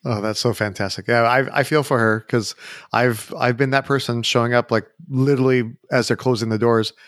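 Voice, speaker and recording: A man hosting a travel podcast, asking quick questions and laughing along with his guest. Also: mid-range voice, steady tone, no echo, clean studio sound. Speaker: podcast host. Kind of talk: casual interview hosting.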